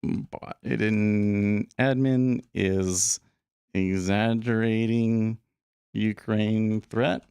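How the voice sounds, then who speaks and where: A man's voice: lowish voice, level tone, extremely slow, a little mellow, smooth, no room sound. A man hosting a live day trading stream, thinking aloud and rambling in a casual, self-deprecating way. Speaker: day trading livestream host. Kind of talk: live market commentary.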